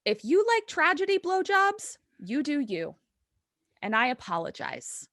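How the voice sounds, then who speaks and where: A woman's voice: high-pitched, big pitch swings, a little slow, fairly bright tone, dry recording, clean studio sound. A woman podcaster animatedly recapping a horror episode at a live event, salting it with profanity and constant "like"s.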